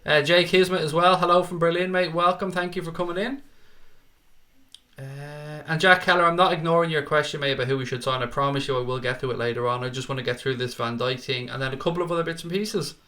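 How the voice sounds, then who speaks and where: A man's voice: fairly high pitch, fairly even intonation, fast talker, bright, forceful tone. A young man hosts a casual football live stream, reading out viewer comments and calling people mate and pal.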